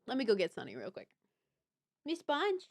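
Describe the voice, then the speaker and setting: A young woman chatting casually on a live stream, bubbly and swinging between quiet mumbling and squealed greetings. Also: a little high, huge pitch swings, normal speed. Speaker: livestreamer.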